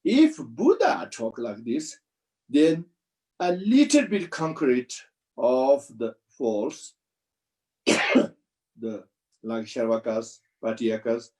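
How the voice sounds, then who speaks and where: A man giving a Buddhist teaching commentary over a video call, speaking halting English with frequent restarts. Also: medium pitch, expressive, darkish tone, low-quality recording. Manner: slow, halting non-native English with restarts.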